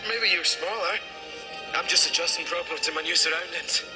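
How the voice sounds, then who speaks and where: An actor playing a carefree young magical conductor who tosses off flippant, joking remarks. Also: male voice, on the high side, fairly quick, music in the background, lightly acted, poor audio. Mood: breezy. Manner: breezy, flippant, jokey. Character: cheeky young male magical conductor, easygoing.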